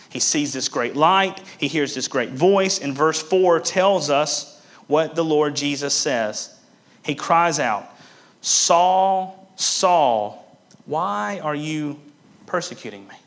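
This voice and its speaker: A man preaching a sermon, swinging between loud emphatic bursts and hushed, quiet passages, repeating key phrases for emphasis. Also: a little high. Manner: emphatic repetition. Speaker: pastor.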